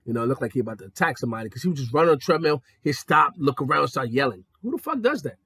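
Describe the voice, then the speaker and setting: A young man rants through a casual, profane story, his high voice swinging widely between excited peaks and low, mocking asides. The tone is bright with a slight husk, recorded close and dry. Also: rapid-fire, slightly rough, dry recording. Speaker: podcast host.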